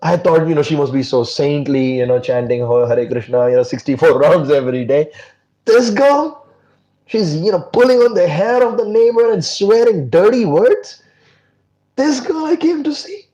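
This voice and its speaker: A man's voice: a little high, animated, normal speed, warm tone, highs cut off, pitched above the performer's own voice, natural voice. A man voicing an indignant, renowned male saint who exclaims in disbelief, his voice raised well above his own. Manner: incredulous, exclaiming.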